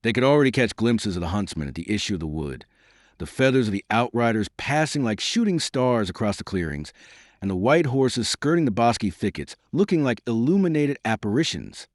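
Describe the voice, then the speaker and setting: A man narrating a classic novel in a measured storytelling way. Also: mid-range voice, big pitch swings, no room sound, clean studio sound. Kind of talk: scripted audiobook narration.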